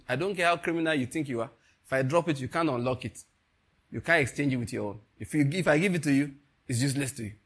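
Animated Nigerian preacher, high and lively. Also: male voice, slightly rough. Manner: animated, laughing, swings from quiet to loud. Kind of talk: sermon.

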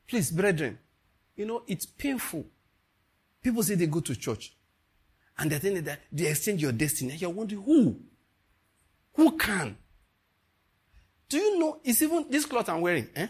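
Animated Nigerian preacher, high and lively. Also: male voice, normal speed, long pauses, husky. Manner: animated, laughing, swings from quiet to loud. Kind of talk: sermon.

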